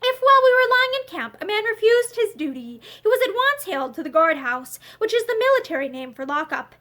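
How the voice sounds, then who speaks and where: A woman reads an old memoir aloud from a book, her voice very high and lively. She sometimes trips over words and starts them again. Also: brisk. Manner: slips and restarts words. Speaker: reader. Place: indoors, seated.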